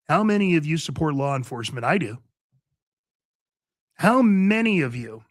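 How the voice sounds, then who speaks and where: A man's voice: high voice, a bit bright, no echo. A man hosting a talk radio show from a studio, delivering an emphatic, opinionated monologue and repeating his points. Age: older. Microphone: studio microphone.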